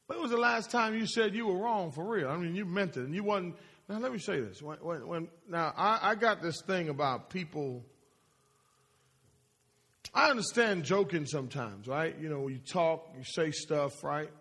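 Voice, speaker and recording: A man's voice: on the high side, moderate pace, a bit bright, slightly rough. A man preaching a sermon, asking the congregation to answer and repeating his phrases for emphasis. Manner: call-and-response, questions to the congregation. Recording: long hall reverb.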